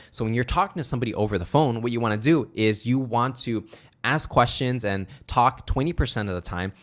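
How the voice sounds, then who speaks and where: A man's voice: on the low side, a bit bright. A man teaching phone sales technique in an upbeat, conversational way, often checking in with "right?". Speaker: sales trainer. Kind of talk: instructional talk to camera.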